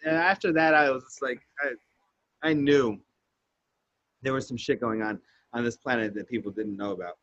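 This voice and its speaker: A man's voice: mid-range voice, moderate pace, pauses often, no echo, dull audio. A man telling a story in casual podcast chat, swearing freely and acting out the lines he quotes. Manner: profane, animated storyteller who acts out quotes.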